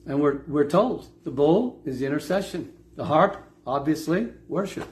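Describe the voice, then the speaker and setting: Emphatic male preacher, slightly high voice. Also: expressive, normal speed, darkish tone. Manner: emphatic, repeats key phrases, asks the congregation questions. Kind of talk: sermon.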